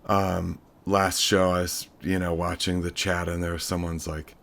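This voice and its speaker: A man's voice: low voice, level tone, moderate pace, vocal fry, few pauses, fairly bright tone. A man hosting a music show, talking casually and unscripted to camera with many fillers and self-deprecating asides. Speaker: show host. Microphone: webcam-style camera close up.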